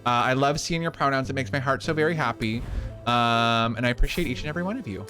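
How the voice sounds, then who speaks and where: A man's voice: medium pitch, fast talker, pushed and bright, soft background music. A man live-streaming a game, chatting casually and rambling as he thanks viewers. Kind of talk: casual live-stream chat while playing.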